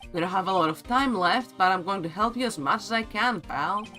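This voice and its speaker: A man's voice: sits high, expressive, fairly quick, pushed and bright, soft background music. A man reading as a friendly scruffy police detective. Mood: earnest. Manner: friendly, says "pal" a lot. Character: scruffy, loyal adult male police detective.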